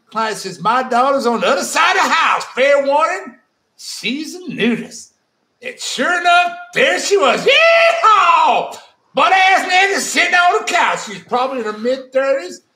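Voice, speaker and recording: A man's voice: very high voice, sing-song, moderate pace, bright, forceful tone, echoey room, pitched above the performer's own voice, full character voice. A man putting on an overdone Southern US accent to voice a whooping, hick-style Southern storyteller. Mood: rowdy. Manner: hammy, twangy, whooping. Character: exaggerated hick Southern man telling a tale.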